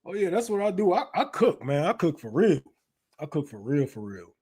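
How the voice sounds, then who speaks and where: A man's voice: fairly high pitch, big pitch swings, moderate pace, a little mellow, slightly rough. Loose, profane man chatting on a livestream. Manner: loose, profane, laughing often. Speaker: livestream host. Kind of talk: casual livestream chat.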